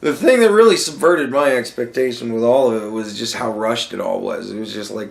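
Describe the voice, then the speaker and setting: A young man with a medium-pitched, gravelly voice rants on his podcast at a fairly quick clip. The rant is sarcastic and full of profanity, and the recording has a noticeable echo.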